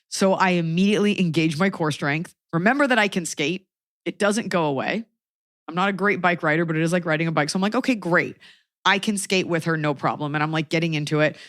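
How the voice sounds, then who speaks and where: A woman's voice: lowish voice, no echo, studio quality. A woman in her thirties hosting a podcast, telling a comic story in a sarcastic, exasperated way. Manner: sarcastic, exasperated anecdotes with quoted asides. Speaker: podcast host. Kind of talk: comedic storytelling chat.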